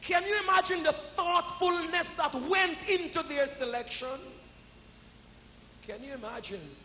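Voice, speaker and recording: High-pitched preacher in an echoey hall. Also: male voice, a little hiss or hum. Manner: call-and-response preaching, builds to shouting. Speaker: pastor. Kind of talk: sermon. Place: church sanctuary. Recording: echoey church hall, dull sound.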